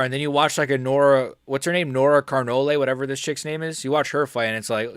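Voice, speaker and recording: A man's voice: medium pitch, fairly even intonation, fast, hardly any pauses, smooth, no echo. Rambling, joking guy on a stream. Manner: rambling, crude joking, trails off. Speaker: MMA streamer. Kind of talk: casual livestream chat.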